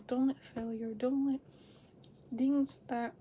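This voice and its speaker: A woman hosting a reaction video, chatting casually at home. She rambles, corrects herself and laughs often, swinging between loud excited bursts and quiet near-whispers. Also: on the high side, a little fast, a little hiss or hum. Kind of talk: casual chat to camera.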